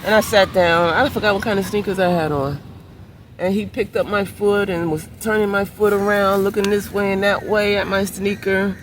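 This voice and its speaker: A woman's voice: mid-range voice, normal speed, a little hiss or hum. A woman vlogger telling a casual storytime in a chatty way, sitting in a minivan by the beach. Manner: animated, chatty storytelling with exclamations.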